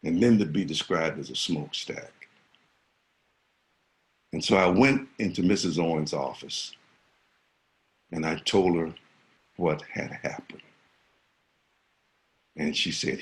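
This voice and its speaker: Older guy telling a story, really slow, voice swoops way up and down, kinda low. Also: sing-song. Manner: vivid, dramatic, shifts between loud and hushed. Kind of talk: personal storytelling.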